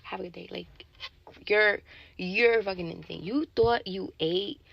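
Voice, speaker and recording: Gravelly woman telling an indignant story. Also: mid-range voice, unhurried, highs cut off. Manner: animated, indignant, swearing, acts out dialogue. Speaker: sales associate telling a dating story. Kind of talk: casual storytelling to camera.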